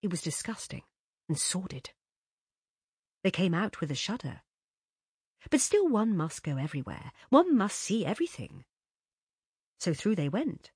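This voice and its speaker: A woman reading a literary story aloud as narrator in an expressive, measured way. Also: fairly low pitch, husky, no echo, studio quality. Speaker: audiobook narrator.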